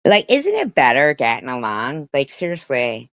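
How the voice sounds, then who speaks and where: A woman's voice: rumbling low, wildly swooping pitch, moderate pace, fairly bright tone, no echo. A woman streamer giving a rambling, profane commentary rant, with many restarts and quoted voices.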